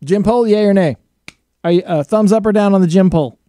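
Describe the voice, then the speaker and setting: A man co-hosting a casual live stream, his voice pitched fairly high but warm and mellow in tone. He needles his co-host with wry, deadpan jokes, recorded close and dry. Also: quick pace, no room sound.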